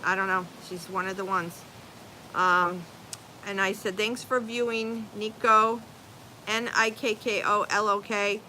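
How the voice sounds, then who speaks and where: An older woman hosting a casual outdoor live stream, chatting away in a bright, clear-toned voice. She reads comments and spells out names letter by letter. Faint outdoor noise and a light breeze sit behind her. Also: mid-range voice, steady tone, measured pace, rough recording. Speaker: channel host reading viewer comments.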